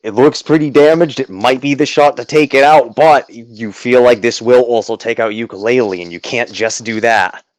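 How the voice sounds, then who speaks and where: A man's voice: mid-range voice, moderate pace, hardly any pauses, no room sound, low-quality recording. A man running a tabletop game as game master, chatting casually with players and narrating dramatic scenes.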